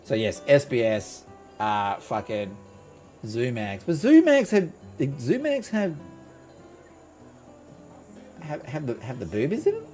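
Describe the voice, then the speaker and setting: A man's voice: medium pitch, huge pitch swings, takes it slowly, long pauses, darkish tone, soft background music. A man streaming live, telling a rambling, profane story with lots of restarts. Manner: rambling, swears freely, restarts a lot. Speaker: game streamer.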